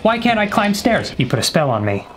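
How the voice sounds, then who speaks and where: This young man, a gaming YouTuber, talks in a high, sing-song voice a little quickly over background noise as he plays a horror game. He cracks jokes at the game and to viewers, sometimes whispering when frightened.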